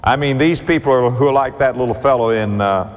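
A man preaching a sermon, emphatic and rhythmic, slowing down dramatically on key phrases. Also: mid-range voice. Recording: long reverb of a large hall.

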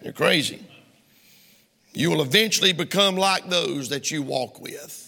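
A Southern US preacher delivers a sermon from the pulpit of a church sanctuary at a measured pace, emphatic and pressing, sometimes rising to a shout. His high voice has a sharp, bright edge with some gravel, and the church hall's long reverb rings around it.

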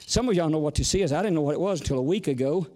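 A man's voice: a little high, animated, rapid-fire, warm tone, big-room sound. A man preaching a sermon, folksy and storytelling, sometimes exclamatory and sometimes chatty. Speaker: visiting preacher.

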